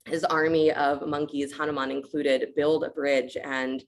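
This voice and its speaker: Deep-voiced yoga teacher telling a story. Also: female voice, flat delivery, unhurried, a little hiss or hum. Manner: conversational, checks in with "right?".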